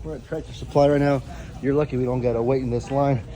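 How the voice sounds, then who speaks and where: A man's voice: mid-range voice, steady tone, quick pace, mellow. A man with a Texan accent, chatting casually on his farm vlog in an easygoing, rambling, folksy way. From Texas. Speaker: farm vlogger.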